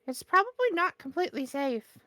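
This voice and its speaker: A woman playing a tabletop game, talking in a lively, exasperated way in casual chat. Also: extremely high pitch, fairly quick, dry recording, clean studio sound. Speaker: player.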